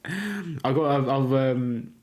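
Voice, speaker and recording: A man's voice: mid-range voice, lively intonation, slow pace, a little mellow. A young man co-hosting a podcast, rambling in casual chat with many fillers and frequent laughter. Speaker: podcast co-host.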